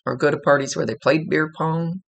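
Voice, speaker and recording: A man working as a psychic medium, giving a relaxed, conversational reading. He is chatty, laughs easily and often corrects himself mid-sentence. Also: on the high side, fairly quick, gravelly.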